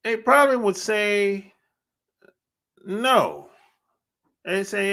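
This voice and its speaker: A podcast host delivers a casual, blunt monologue, laughing often and drawing out his emphatic phrases. His male voice sits high, with big pitch swings and a pushed, bright quality.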